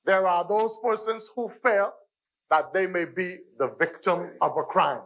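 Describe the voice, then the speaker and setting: A man's voice: high voice, a little slow, fairly bright tone, low-quality recording. A man with a Bahamian accent giving an emphatic parliamentary debate speech in a parliament chamber, repeating phrases for stress. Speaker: member of parliament.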